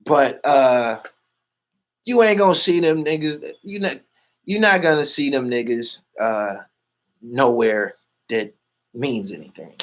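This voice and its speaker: A man's voice: medium pitch, slow pace, long pauses, a little hiss or hum. A man answering an interviewer in loose, casual street talk. He brags and swears freely and drifts from point to point as he goes. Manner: boastful, profane, rambling.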